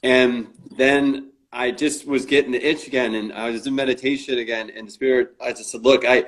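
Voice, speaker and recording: A man's voice: medium pitch, steady tone, moderate pace. Man telling a story, acting out quoted dialogue. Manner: acts out quoted dialogue in his stories; frequent restarts and fillers. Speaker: interview guest, author. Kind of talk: casual storytelling chat.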